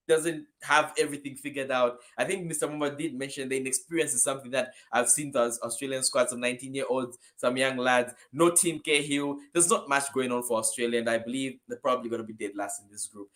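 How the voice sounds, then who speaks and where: A man from Zambia, co-hosting a casual football prediction chat over a video call. He speaks energetically and emphatically, swinging between loud bursts and softer asides. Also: medium pitch. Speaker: co-host.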